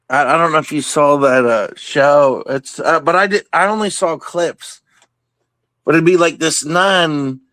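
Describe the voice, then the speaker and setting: A man talking casually in an open Q and A, excitable and rambling, with many restarts and fillers. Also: a little high, no room sound. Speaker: participant in an open Q and A.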